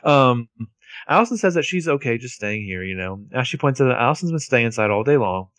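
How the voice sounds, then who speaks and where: A man's voice: medium pitch, sing-song, brisk, a bit bright, no room sound. A man with a mid-range voice narrates an episode's plot in loose, jokey casual chat. He rambles and tosses in wisecracks. The recording is dry and close. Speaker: podcast co-host.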